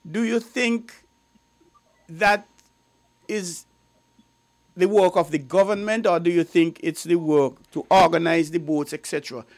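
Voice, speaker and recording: A man's voice: fairly high pitch, fairly even intonation, no room sound. A man hosting a radio talk show, asking his guest leading questions. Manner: leading questions, quick interjections. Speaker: radio host.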